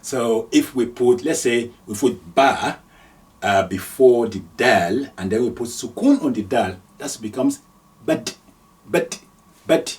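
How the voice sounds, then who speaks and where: A man's voice: medium pitch, a little slow, darkish tone, distant mic. A man from Nigeria teaching Arabic letters step by step, patiently repeating each sound and chuckling now and then. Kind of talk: slow step-by-step lesson.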